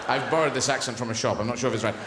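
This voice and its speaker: A man doing stand-up comedy on a theatre stage, rambling and animated, with frequent swearing. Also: mid-range voice, rapid-fire. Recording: echoey theatre with audience noise.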